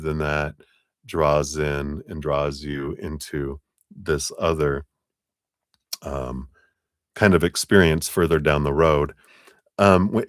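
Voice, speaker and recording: Deep-voiced man giving a tarot reading. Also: dry recording, studio quality. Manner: loose, rambling delivery with many fillers; upbeat, thanking viewers by name. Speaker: tarot reader. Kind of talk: live-stream tarot reading, casual chat.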